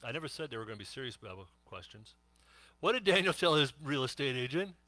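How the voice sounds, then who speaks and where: A man's voice: mid-range voice, sing-song, fast talker, bright, forceful tone, no room sound. A middle-aged man preaching a sermon, telling jokes and laughing often in a chatty way. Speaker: pastor.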